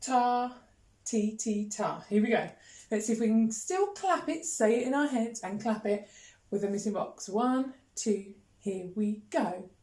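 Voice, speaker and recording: A woman's voice: on the high side, expressive, a little slow, warm tone. Female music teacher, upbeat and encouraging, counts in and chants rhythms; roomy echo. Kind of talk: children's music lesson. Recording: echoey room with faint noise.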